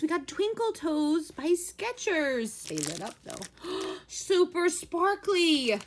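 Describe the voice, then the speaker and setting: A young woman with a fairly high voice gushes over each toy she unboxes, gasping and squealing with delight. Her casual chat comes over a clearly noisy home recording with packaging crinkling behind her. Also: slow, few pauses. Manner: gushing, excitable, gasps and squeals of delight.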